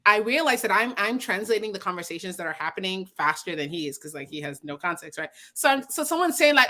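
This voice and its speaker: A woman co-hosting a casual podcast chat, telling stories with lots of laughter and quick impressions of other people. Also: mid-range voice. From Nigeria. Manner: animated storytelling, mimics other voices, laughs often. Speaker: podcast co-host.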